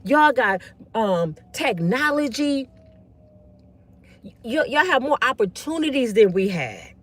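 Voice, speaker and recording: A woman's voice: on the high side, sing-song, takes it slowly. A woman in her fifties giving blunt, slangy, preachy commentary to her online viewers. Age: 50s. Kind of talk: casual ranting commentary.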